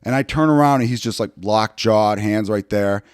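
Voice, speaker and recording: A man hosting a podcast, excitedly retelling sports anecdotes in casual chat. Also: on the low side, moderate pace, clear, resonant tone, no echo, clean studio sound.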